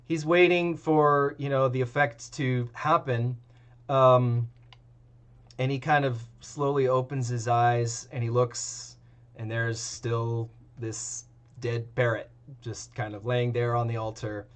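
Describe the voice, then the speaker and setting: A man's voice: mid-range voice, level tone, slow pace, fairly bright tone. A man narrating as game master of a tabletop game, rambling with many fillers.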